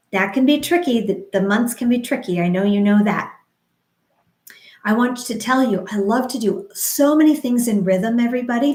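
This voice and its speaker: A woman hosting a live speech therapy class, encouraging viewers and modeling phrases slowly in rhythm. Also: mid-range voice, darkish tone, reverberant. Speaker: speech therapy livestream host.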